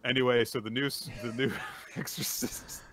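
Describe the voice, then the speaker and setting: A young man co-hosting a casual manga recap podcast, animated, often laughing and bursting into excited quoted voices. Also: medium pitch, normal speed, a little hiss or hum. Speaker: podcast co-host.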